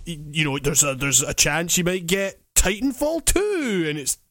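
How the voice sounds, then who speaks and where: Man, fairly high voice, stammers, swears, laughs, dry close sound. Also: animated, normal speed, fairly bright tone, dry recording. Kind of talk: casual chat.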